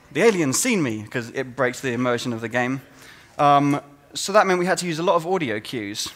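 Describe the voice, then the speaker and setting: A man giving a conference talk as a game designer, telling stories and acting out players' reactions. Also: mid-range voice. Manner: animated storytelling, acts out players' reactions.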